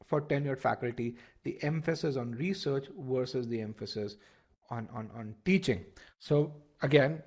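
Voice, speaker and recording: A man's voice: mid-range voice, husky. A man teaching a live online test-prep lesson, explaining step by step, often repeating words and asking the class to check they follow.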